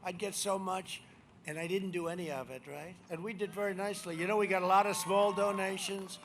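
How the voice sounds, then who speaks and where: A high-pitched man gives a boastful, rambling campaign rally speech into a podium microphone. His tone is bright and forceful, and he swings between shouted lines and low muttered asides. Faint noise hangs in the background. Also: fairly even intonation, fairly quick. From United States. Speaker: president speaking as a candidate. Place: rally venue.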